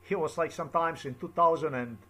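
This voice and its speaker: Man, ranting vlogger, a little high-pitched; agitated and profane, circles back over the same points. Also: brisk, fairly bright tone. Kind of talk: angry personal monologue.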